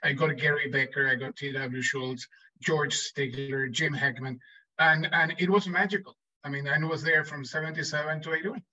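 A man tells long anecdotes in a podcast interview, full of fillers and restarts. His voice is slightly high and very bright. The sound is distant and dull, as if from a remote call. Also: moderate pace. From Chile. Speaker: guest economist.

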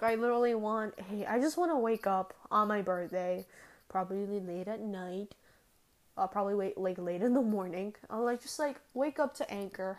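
A woman's voice: mid-range voice, a little mellow. A teenage girl hosting her own podcast, chatting casually and rambling with many fillers. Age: teens. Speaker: podcast host. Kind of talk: casual solo podcast chat.

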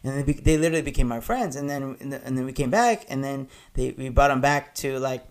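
A man's voice: medium pitch, fast. A man hosting a casual podcast, telling rambling stories with lots of cursing and laughter. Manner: rambling storyteller, cusses freely, laughs often. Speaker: podcast host.

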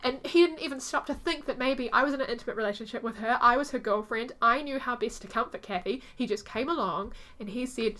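A woman's voice: a little high, quick pace, few pauses. A woman co-hosting a casual podcast chat, telling stories animatedly and acting out the people she quotes. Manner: animated storytelling, acts out quoted voices. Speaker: podcast co-host.

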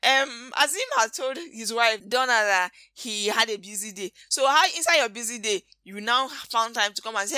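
Bright-voiced Nigerian woman podcaster. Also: a little high, brisk, few pauses, dry recording. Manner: animated, gossipy storytelling with slangy asides. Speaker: podcast host. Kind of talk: casual movie recap chat.

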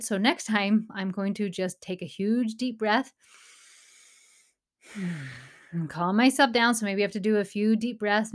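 A woman in her thirties hosting a parenting talk, speaking in an earnest, encouraging, casual way, with touches of faith. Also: medium pitch. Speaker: parenting podcast host.

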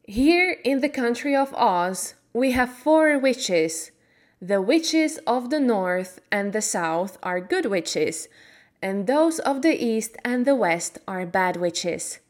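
A woman voicing a kind little old woman who is a good witch, speaking gently, slowly and clearly. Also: a little high, animated. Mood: kindly. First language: Slovak.

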